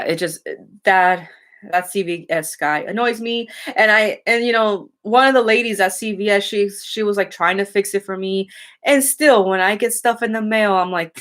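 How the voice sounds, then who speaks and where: A woman's voice: mid-range voice, a bit bright. A young woman chatting casually and bluntly with her viewers, swearing freely and rambling with many restarts. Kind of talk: casual chat.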